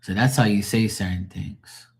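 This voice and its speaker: A man's voice: fairly low pitch, normal speed, creaky. A man hosting a live stream, chatting loosely with viewers, casual and explanatory, swearing now and then. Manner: loose, chatty, explaining language differences to chat; swears casually, laughs easily.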